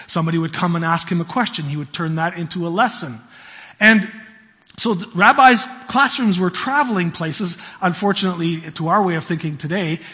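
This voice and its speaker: A pastor with a high, light voice delivers a sermon in a casual, conversational way, leaning hard into key words. His voice rings out with a long reverb through the church sanctuary, and the sound is slightly dull and muffled. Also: fairly bright tone.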